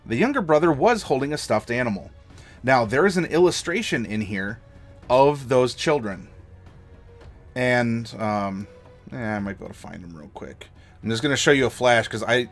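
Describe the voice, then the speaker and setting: An American man, a game master and streamer, giving tabletop storytelling advice in an enthusiastic, demonstrative way. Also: mid-range voice. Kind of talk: livestream advice chat.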